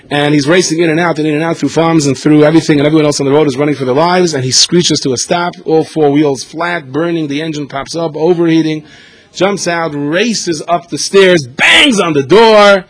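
A man giving a storytelling sermon, animated and acting out the voices in his tales. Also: on the high side, a little fast, dry recording. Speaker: speaker.

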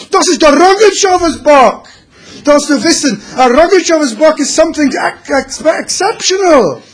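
A man voicing a famous old rabbi, loud and emphatic, mixing in Yiddish words. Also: extremely high pitch, voice pushed up.

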